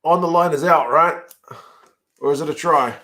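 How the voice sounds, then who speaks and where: A man's voice: a little high, moderate pace, pushed and bright. A man hosting a live rugby watch-along, chatting casually, reacting to the play and answering viewer comments. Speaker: host.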